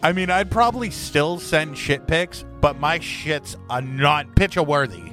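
A man's voice: fairly high pitch, unhurried, bright, forceful tone, soft background music. A man on a podcast telling crude, self-deprecating jokes in casual banter. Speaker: podcast co-host.

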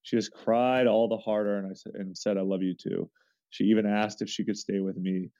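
A man's voice: fairly low pitch, steady tone, brisk, mellow, dry recording. A man reading a forum story aloud in the first person, earnest and sometimes restarting his sentences. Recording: dull lo-fi sound.

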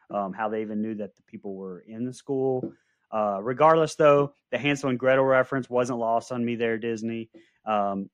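A man's voice: mid-range voice, no echo. Joking man chatting about a film. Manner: joking, rambling, lots of "um" and asides. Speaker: podcast co-host. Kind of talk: casual film-commentary chat.

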